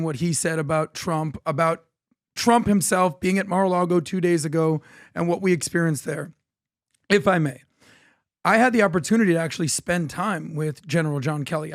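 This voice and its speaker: A man's voice: a little high, no echo, studio quality. A man co-hosting a political podcast, telling anecdotes and acting out the dialogue in them. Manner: animated anecdotal storyteller, acts out dialogue. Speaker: podcast co-host.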